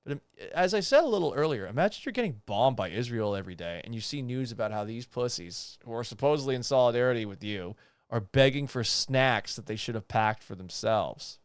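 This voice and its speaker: Young man, podcast host, sarcastic and profane, animated pitch, dry close sound. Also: brisk, clear, resonant tone, dry recording. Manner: sarcastic, mocking, incredulous asides; profane, jumps up in pitch when exasperated. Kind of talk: casual commentary.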